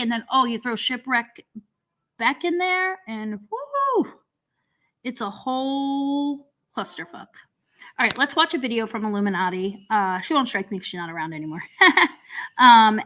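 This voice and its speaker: A woman's voice: medium pitch, bright, forceful tone. A woman hosting a casual commentary stream, rambling with lots of ums and restarts in an exasperated, sarcastic tone. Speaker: host of a drama commentary stream.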